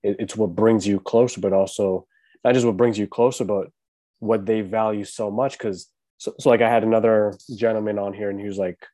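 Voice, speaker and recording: Man, podcast host, low voice, mellow tone, curious questions, chatty. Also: steady tone, fairly quick. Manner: curious, many "like" fillers. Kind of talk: casual podcast interview.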